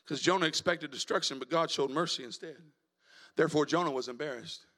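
A male evangelist, preaching a sermon in a church, moving from quiet talk to shouted preaching. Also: fairly high pitch, fairly quick. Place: church sanctuary.

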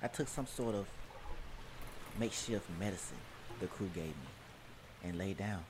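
A man reading a first-person adventure story in a measured, journal-like way, with crowd noise behind. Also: deep voice, animated. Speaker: narrator.

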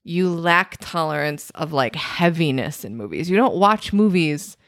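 A podcast co-host chatting casually, animated and quick to laugh. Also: medium pitch, dry recording, clean studio sound. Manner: animated, laughs often, agreeable. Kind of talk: casual chat.

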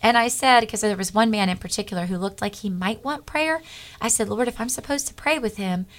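A middle-aged woman speaks as a guest on a Christian talk show. Her voice is bright and forward, with the earnest, animated delivery of someone reliving a personal testimony. She acts out the dialogue of each person in the story. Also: medium pitch, fairly quick.

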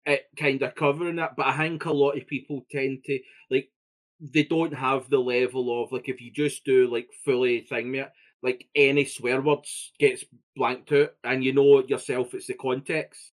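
A man's voice: medium pitch, level tone, moderate pace. A young Scottish man co-hosting a podcast, chatting casually, swearing freely and laughing often. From Scotland. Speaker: podcast co-host. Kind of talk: casual chat.

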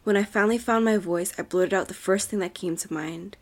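A young woman with a soft, breathy voice reads a creepy story aloud for a podcast. She drops to a near whisper whenever the tension builds. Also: mid-range voice, brisk. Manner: drops to a whisper at tense moments. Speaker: podcast co-host reading a story. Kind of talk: dramatic horror story reading.

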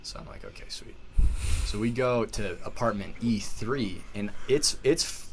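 A man's voice: lowish voice, unhurried, a little hiss or hum. A man telling a story in casual chat, full of "like"s and restarts. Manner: animated, filler-heavy storytelling with many "like"s. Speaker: podcast guest telling a story.

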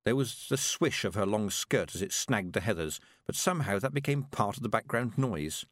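Male audiobook narrator, animated storybook delivery, dry booth sound. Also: fairly low pitch, normal speed, no echo. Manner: expressive storybook reading. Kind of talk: scripted narration.

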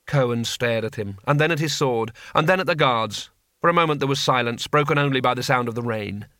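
A man reading a novel aloud as the narrator, expressive and animated. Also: medium pitch, fairly quick, dry recording, clean studio sound. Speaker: audiobook narrator. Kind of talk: scripted narration.

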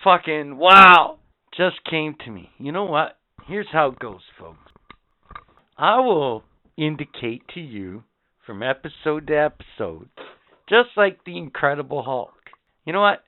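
A man's voice: on the high side, big pitch swings, unhurried. A man co-hosting a podcast, boisterous and profane, laughing often and ranting in casual banter. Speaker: podcast co-host. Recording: tinny lo-fi recording.

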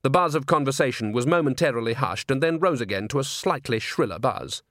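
Reading a comic fantasy audiobook from a script, a man narrates evenly and with measured pacing. His pitch is medium, and the studio recording is clean and dry.

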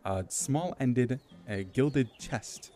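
A man's voice: mid-range voice, very slow, dark tone. A man acting as game master, narrating a tabletop game with descriptive detail and frequent filler ums.

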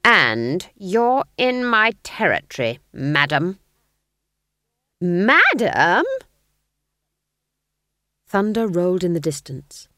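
A woman reading a comic fantasy novel aloud in a wry, expressive storytelling manner. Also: lowish voice, no echo, studio quality. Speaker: audiobook reader. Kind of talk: scripted narration.

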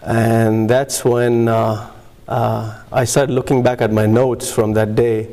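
Gravelly halting man sharing testimony. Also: mid-range voice, flat delivery, dark tone. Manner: halting, many fillers and pauses. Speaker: recovery meeting speaker. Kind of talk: personal testimony.

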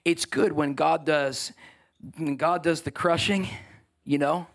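Middle-aged pastor guy preaching, kinda high voice, jokey and loud then soft, talks to the crowd a lot. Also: slow. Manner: animated, jokey preaching with audience asides. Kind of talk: sermon.

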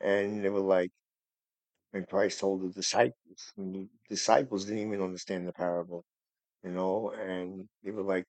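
Guy hosting a faith podcast, dark mellow voice, rambles and gets fired up, dry close sound. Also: low-pitched, normal speed, dry recording. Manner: rambling, earnest, heated about preachers. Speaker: podcast host. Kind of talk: casual faith podcast chat.

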